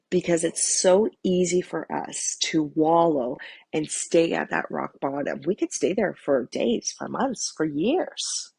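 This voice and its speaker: A middle-aged woman with a low, gravelly and husky voice, speaking straight to the listener like a coach. She is blunt and emphatic and drops casual curse words. The sound is dry and close, with no room around it. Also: lively intonation, a little slow, darkish tone, no room sound. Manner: blunt and candid, casual swearing; emphatic, direct address to viewer. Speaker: holistic lifestyle coach. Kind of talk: motivational talk to camera.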